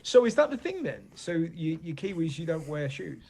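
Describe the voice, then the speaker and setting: An English comedian chatting as a guest in an interview, telling animated anecdotes and often asking "you know what I mean?". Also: male voice, fairly high pitch, normal speed, gravelly, husky. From England. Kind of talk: casual interview chat.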